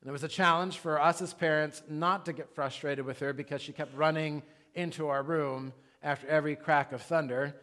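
Conversational man preaching a sermon. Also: a little high. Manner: conversational, animated preaching with asides. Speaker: pastor.

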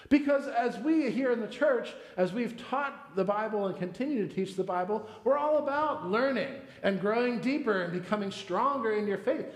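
A man in his thirties preaching a sermon in a church, conversational and full of personal stories. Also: very high-pitched. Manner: conversational, storytelling with personal anecdotes. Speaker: pastor. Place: church sanctuary. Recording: echoey church hall with long reverb.

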